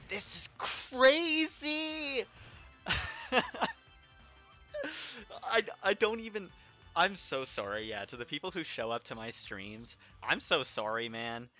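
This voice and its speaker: A man's voice: medium pitch, pushed and bright. A man streaming a video game live, overexcited and shaking, exclaiming and laughing between apologetic rambles into a clipping desk mic. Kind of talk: live gaming stream commentary. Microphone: desk microphone, audio clipping.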